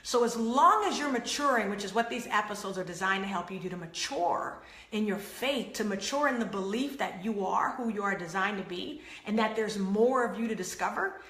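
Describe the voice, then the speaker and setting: A woman hosting an inspirational faith talk, telling stories with acted-out quotes and lively laughter. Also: mid-range voice, moderate pace, roomy sound. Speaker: host.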